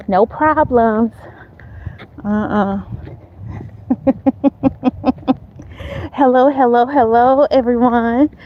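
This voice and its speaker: Chatty woman host, unhurried, cheering viewers on from a walk, dull lo-fi phone sound. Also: fairly high pitch, slight background noise. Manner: chatty, talks straight to viewers, repeats herself; walking as she talks, upbeat and encouraging. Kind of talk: casual live-stream chat while walking. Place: outdoors on a neighborhood street. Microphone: phone held while walking.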